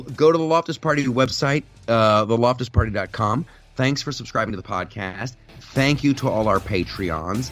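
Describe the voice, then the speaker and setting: A man hosts a casual podcast in a somewhat low voice, rambling animatedly through a story with frequent restarts. Faint music sits quietly underneath him. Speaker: podcast host.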